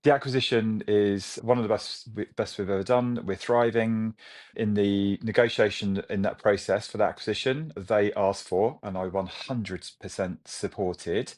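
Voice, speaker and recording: A man in his forties from Britain, a company chief talking with animated enthusiasm in a business interview. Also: on the low side, moderate pace. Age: 40s. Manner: enthusiastic, animated storytelling with laughs. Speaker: CEO guest.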